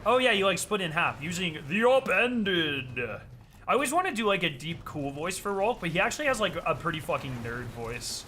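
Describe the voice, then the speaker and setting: A man streaming a game, chatting casually and excitably with plenty of slang and swearing. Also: high voice, quick pace, few pauses, a little hiss or hum. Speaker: gaming streamer. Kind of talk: casual chat over gameplay.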